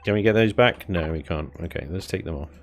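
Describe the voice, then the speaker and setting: A man's voice: sits low, quick pace, soft background music. A man chatting casually while live-streaming a building game, thinking aloud and chuckling often.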